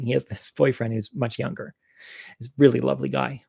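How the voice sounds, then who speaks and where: A man's voice: mid-range voice, flat delivery, fairly quick, creaky, a little mellow, husky, no echo, studio quality. A man telling a personal story to viewers over a livestream, candid and chatty, poking fun at himself and laughing at his own jokes. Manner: candid, self-mocking humor.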